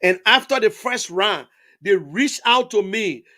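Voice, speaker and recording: A man from Liberia speaking with a Liberian English accent, his voice sitting high for a man. He talks in an emphatic, repetitive rush of testimony. He restates his points and stumbles over repeated words as he argues. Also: expressive, unhurried, pushed and bright. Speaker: interviewee, political supporter. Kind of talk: impassioned conversational testimony.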